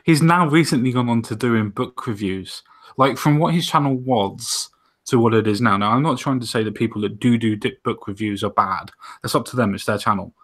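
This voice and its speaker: A man in casual online group chat, talking quickly with sarcastic, self-mocking humor. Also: medium pitch, a bit bright. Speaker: guest YouTuber on a panel chat.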